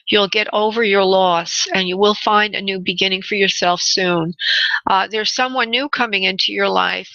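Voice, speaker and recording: A woman's voice: medium pitch, sharp tone, dry recording. A woman hosting a call-in radio show as a spirit medium, chatty and affectionate, calling callers honey and laughing readily. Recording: slightly dull radio audio.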